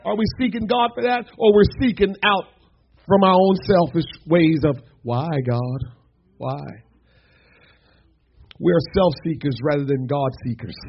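A man's voice: a little high, dull audio, slight background noise. A male preacher delivering an impassioned, emphatic sermon, often starting phrases with "uh". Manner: impassioned, emphatic, frequent "uh" fillers.

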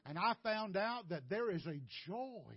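Older male preacher, high voice, emotional testimony with cries and hush, dry muffled feed. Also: lively intonation, measured pace, slight background noise. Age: 60s. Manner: impassioned, rising to near-shouts and breaking toward tears. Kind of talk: testimony sermon.

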